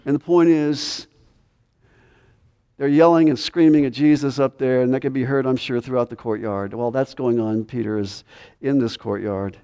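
A man's voice: mid-range voice, smooth. Man preaching with emphatic rises and falls. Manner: emphatic, drops to quiet intensity. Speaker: pastor. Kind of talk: expository sermon. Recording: long hall reverb.

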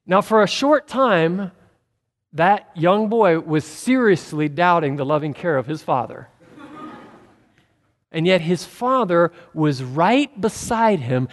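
Male preacher with a high voice, earnest and conversational, long hall reverb. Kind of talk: sermon.

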